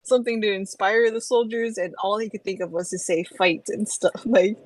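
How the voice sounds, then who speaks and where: A woman's voice: mid-range voice, steady tone, moderate pace, no echo, rough recording. Chatty woman podcast co-host. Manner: chatty, many "like"s and "you know"s, laughs often. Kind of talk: casual book discussion.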